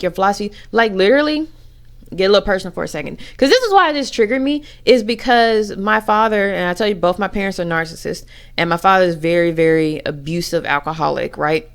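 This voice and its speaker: A woman's voice: medium pitch, clean tone. A woman giving a candid personal rant to camera, blunt and profane as she talks frankly about her own family. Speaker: vlogger.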